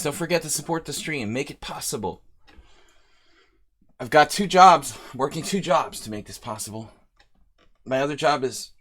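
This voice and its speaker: A man's voice: medium pitch, a bit bright. A man hosting a live chess stream, chatting casually and rambling as he reads out viewer names.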